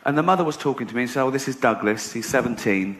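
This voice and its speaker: A man's voice: medium pitch, expressive, quick pace, fairly bright tone. A middle-aged English man doing stand-up, sardonic and mock-boastful, acting out the people in his story. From England. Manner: sardonic, mock-boastful, acts out quoted voices. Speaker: stand-up comedian. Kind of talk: stand-up routine. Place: comedy stage before a laughing audience. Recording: live stage recording with audience noise. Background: audience laughter.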